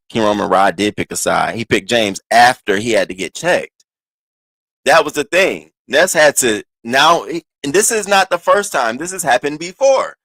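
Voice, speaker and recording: Animated man telling a story casually. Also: medium pitch, moderate pace, dry recording. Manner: animated, restarts and stammers, swings into quoted voices. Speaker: streamer recounting online drama.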